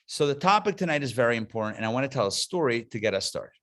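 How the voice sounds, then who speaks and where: A man, a rabbi, teaching a live class over a video call, telling jokes in an animated storytelling manner and then speaking earnestly. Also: quick pace. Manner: animated storyteller, swings into high excited voices for characters. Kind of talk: live lecture with told jokes. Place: classroom streamed to an online call.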